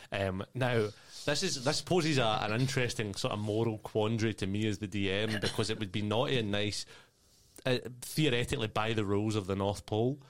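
Low-voiced man running a tabletop game. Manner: loose narration full of ums and uhs, quick to laugh. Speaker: game master.

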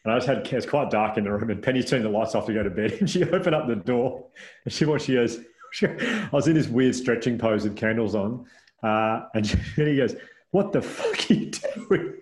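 A man in his thirties, a guest on a podcast, tells anecdotes in casual conversation as an animated storyteller, laughing often, restarting sentences, and filling his speech with "like." His medium-pitched voice is brisk.

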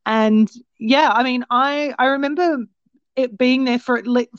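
A woman guest telling a story in a rambling, animated way, with many restarts. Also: high-pitched, unhurried, dry recording. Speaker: guest recounting a sighting. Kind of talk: casual storytelling. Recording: dull, lo-fi, dry sound.

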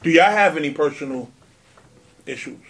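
A man's voice: on the high side, animated, moderate pace, a bit bright. Hesitant male podcast host asking questions. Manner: hesitant, filler-heavy questions. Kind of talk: interview questions.

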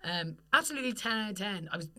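This young Irish co-host sounds very animated, with a medium-pitched, pushed and bright voice. On the podcast she tells stories in casual chat, swearing freely and breaking into quick laughs.

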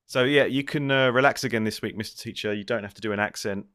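A man's voice: mid-range voice, fast talker, no room sound, clean studio sound. A man hosting a comedy podcast, chatting casually and hesitantly as he introduces a story. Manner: relaxed, hesitant with fillers. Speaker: podcast host and writer. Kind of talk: casual chat.

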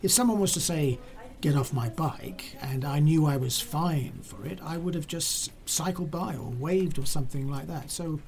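A hospital worker telling an anecdote for a documentary, chatty and animated. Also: medium pitch, moderate pace, vocal fry, hardly any pauses.

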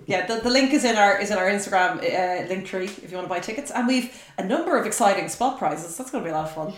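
A woman's voice: medium pitch, lively intonation, fast, echoey room. A woman co-hosting a comedy podcast, teasing playfully with frequent giggles. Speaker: podcast co-host. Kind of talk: casual comedic banter.

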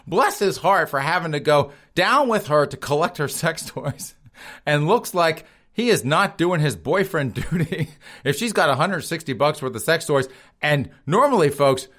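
A man's voice: on the high side, expressive, moderate pace, fairly bright tone. A man hosting a comedic news show, reading stories and joking about them while addressing his audience directly.

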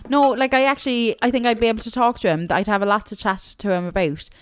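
A woman's voice: on the high side, fairly even intonation, fast talker, slight background noise. A young woman, co-hosting a podcast in casual chat, teasing and sarcastic. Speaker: podcast co-host.

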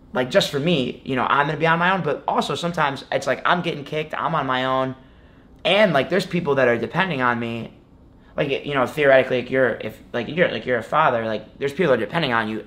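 A young man, a college wrestler on as an interview guest, speaks at medium pitch with a fairly bright tone. He talks casually and rambles, relying on fillers like "like" and "you know."

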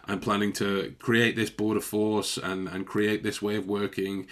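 A man's voice: lowish voice, level tone, unhurried. A man chatting casually, with a loose and profane delivery and frequent laughs. He explains body language to a co-host in an unscripted, conversational way. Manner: chatty, swears, laughs often. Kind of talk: casual chat.

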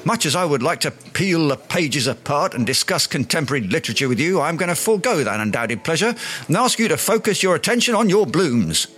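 A man's voice: on the high side, expressive, a little fast, a bit bright, slightly rough, soft background music. An actor playing a pompous, self-important Englishman in a radio sitcom, speaking in flowery words. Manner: grandiloquent, long-winded, flowery words.

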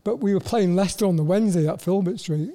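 An older Welsh man speaks in a high, mellow voice. He tells his stories in a halting way, restarting words and leaning on "you know" as he goes. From Wales. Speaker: guest, former footballer. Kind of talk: casual interview storytelling.

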